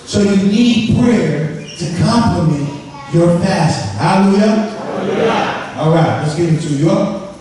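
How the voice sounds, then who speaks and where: Preacher, male, high-pitched, lively call-and-response delivery, distant mic in a big reverberant hall. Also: moderate pace. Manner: call-and-response preaching, acts out voices for laughs. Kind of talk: sermon. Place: large worship hall. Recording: echoey hall from far off.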